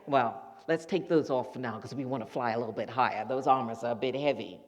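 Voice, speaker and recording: A minister preaching in a church and telling a story to the congregation. The delivery is animated, and the preacher acts out the voices of the characters in the story. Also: mid-range voice, quick pace. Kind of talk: sermon. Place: church sanctuary.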